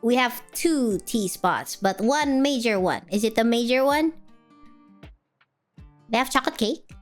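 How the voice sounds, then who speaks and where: Slow-talking playful woman streamer. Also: a little high, animated, soft background music. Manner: playful, laughing, teasing. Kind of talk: casual stream chat.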